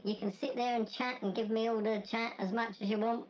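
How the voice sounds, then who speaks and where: A woman's voice: a little high, fairly even intonation, fairly quick, dull audio. A woman streaming a game, chatting to viewers in a blunt, sweary, dismissive way; her voice is off from its usual sound. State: voice not at its normal sound. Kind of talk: live-stream chat while gaming.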